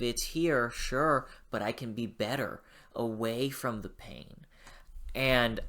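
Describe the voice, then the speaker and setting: A young adult book reviewer speaks in a casual vlog at an unhurried pace. The voice has a bright, tense edge. The talk rambles and gushes, with fits of loud swearing. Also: medium pitch. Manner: gushing and rambling, bursting into loud swearing rants.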